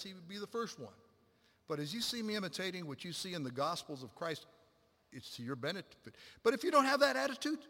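A middle-aged male pastor delivers a lively sermon, his voice sitting a little high for a man. He acts out quotes and swings from loud bursts to hushed asides. The sound carries a long reverb, as in a large church hall. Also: creaky. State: a little out of breath.

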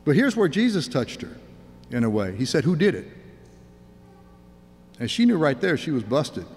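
A man's voice: medium pitch, very animated, a little fast, a little mellow, big-room sound. A man preaching a sermon in an earnest way, often repeating and restarting his words.

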